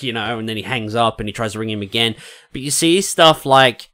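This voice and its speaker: A man co-hosting a podcast, talking through a film in a loose, rambling way, with "like" dropped into nearly every phrase and casual swearing along the way. His tone is bright and a little forceful, at a middle pitch. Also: a little fast. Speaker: podcast co-host. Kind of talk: casual film review chat.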